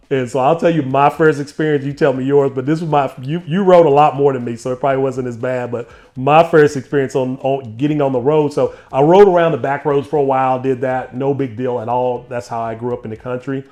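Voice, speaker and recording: A man hosting an interview, telling a personal story in a lively, laughing way. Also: medium pitch. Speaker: interview host. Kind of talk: casual storytelling chat.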